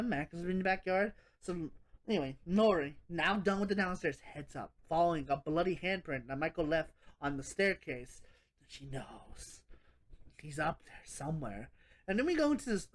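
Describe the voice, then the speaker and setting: A woman talking through a horror movie review in a loose, casual way. She rambles and restarts, laughs often and swears freely as she picks apart the film. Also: medium pitch.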